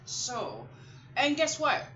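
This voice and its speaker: A woman's voice: high-pitched, slow pace. Chatty woman vlogger, roomy sound. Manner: chatty, rambling, animated storytelling. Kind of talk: casual chat to viewers. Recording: roomy and slightly muffled.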